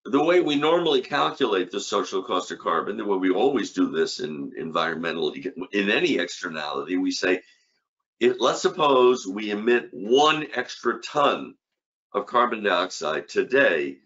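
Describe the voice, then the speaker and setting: A man's voice: fairly low pitch, expressive, moderate pace, fairly bright tone, dull audio. An older man giving an academic conference lecture on economics, emphatic, with rhetorical questions and punchy repeated short phrases.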